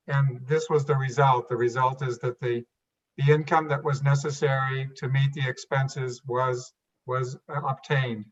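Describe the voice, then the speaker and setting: A man's voice: fairly high pitch, a bit bright, far from the mic, highs cut off. A man giving a financial report at a board meeting, hesitant with frequent restarts.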